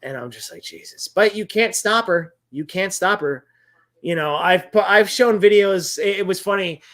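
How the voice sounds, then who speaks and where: A man hosting a livestream, telling stories in casual chat, animated and profane, acting out quoted dialogue. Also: high-pitched, measured pace. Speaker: livestream host.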